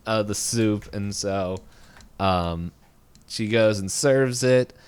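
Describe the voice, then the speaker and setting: A man co-hosting a podcast, casually retelling a cartoon episode in a rambling way and acting out quick lines. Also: on the low side, a little hiss or hum. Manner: rambling, animated retelling with quick voiced quotes. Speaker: podcast co-host. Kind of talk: casual recap chat.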